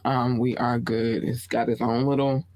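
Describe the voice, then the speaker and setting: A woman podcast host with a Baltimore accent, chatting casually and bluntly in a small home studio, her voice swooping up high when excited. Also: normal speed, no room sound. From Baltimore, USA. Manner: laid-back, blunt, frequent "um" and laughter. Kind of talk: casual podcast sign-off chat.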